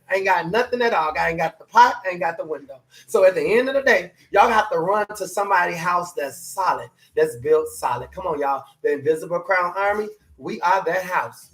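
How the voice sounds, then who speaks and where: A man preaching a motivational sermon, animated and hollering, his voice climbing higher as he makes his point. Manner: voice climbs high when emphatic.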